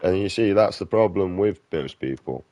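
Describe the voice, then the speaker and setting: A man's voice: deep voice, expressive, moderate pace, dark tone, dry recording. A man giving casual gameplay commentary, ranting bluntly and swearing a lot. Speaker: game streamer.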